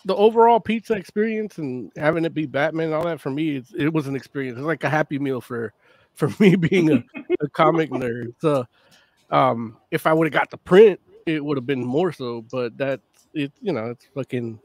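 Animated man in casual chat. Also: fairly high pitch, moderate pace, no echo. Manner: animated, swearing, chatty with laughs. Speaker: podcast co-host.

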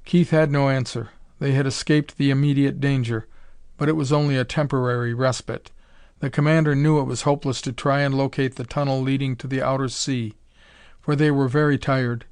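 A man reading an adventure story aloud in a steady audiobook narration. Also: medium pitch, fairly quick, clean tone, dry recording, clean studio sound.

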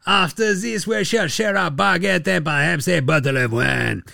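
A man doing a slow, pompous mock-French accent as a smug basketball player. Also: a little high, gravelly, pushed and bright, no echo, clean studio sound, full character voice.

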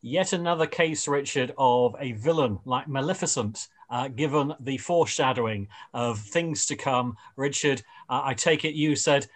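A man's voice: mid-range voice, normal speed, hardly any pauses. A man hosting a radio panel chat in a rambling way, with many fillers and restarts. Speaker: radio show host.

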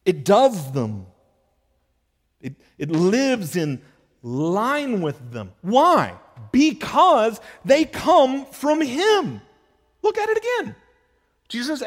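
Male pastor, fairly high voice, emphatic sermon delivery that drops to a hush, long hall reverb. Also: big pitch swings, slow. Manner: emphatic, repetitive, rhetorical questions, swings between loud and hushed. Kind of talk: expository sermon.

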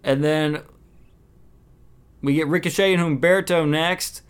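A man talking through a wrestling episode in a casual, opinionated recap, often sounding exasperated. His voice sits a little high and comes across smooth and clear. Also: fairly even intonation, a little slow. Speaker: wrestling show reviewer.

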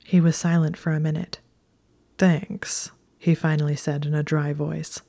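A woman reading a story aloud in a soft, hushed, steady whisper. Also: deep voice, fairly quick, gravelly. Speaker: narrator.

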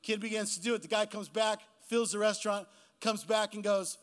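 A male guest pastor preaching a sermon, telling a story in a casual way and building to a slow, emphatic close. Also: sits high, steady tone, a bit bright, clean tone.

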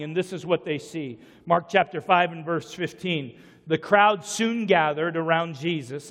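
A middle-aged pastor preaches in an energetic, repetitive style, his voice sitting high for a man. The sound rings with a long church-hall reverb. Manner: energetic preaching with frequent repeated words. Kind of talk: sermon. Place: church sanctuary.

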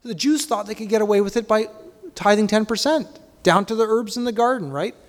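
Man, preacher, sermon, rhetorical questions, loud and hushed by turns, slightly high voice, long hall reverb. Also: fairly quick.

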